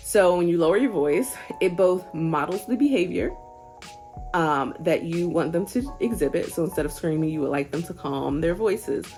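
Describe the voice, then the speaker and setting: A young adult woman giving casual parenting advice to camera in an earnest, gently encouraging, conversational way. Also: lowish voice, expressive, normal speed, soft background music. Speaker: parenting vlogger.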